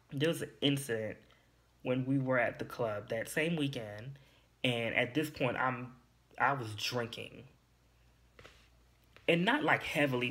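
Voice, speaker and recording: A man's voice: mid-range voice, fairly bright tone. A young man hosting a podcast, telling a personal story in a candid, emotional and confiding way. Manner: emotional, confiding, a little teary. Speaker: podcast host.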